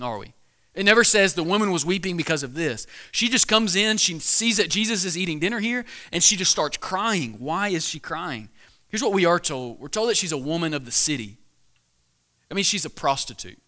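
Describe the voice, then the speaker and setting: A man's voice: sits high, pushed and bright. A young man preaching a weekly sermon in a casual, conversational way, asking the crowd questions and often restarting his sentences. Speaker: pastor.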